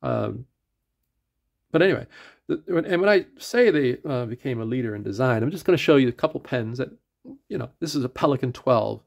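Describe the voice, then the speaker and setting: A man's voice: medium pitch, animated, a little fast, gravelly. A middle-aged man with an Atlantic Canadian accent, reviewing a pen in a casual, rambling way full of fillers and restarts, sometimes drifting from the mic.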